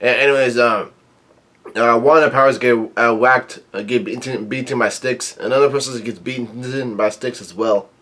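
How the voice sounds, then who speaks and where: A man casually recapping a manga chapter, rambling with many fillers and reading the dialogue out flatly. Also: medium pitch, moderate pace. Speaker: manga reviewer.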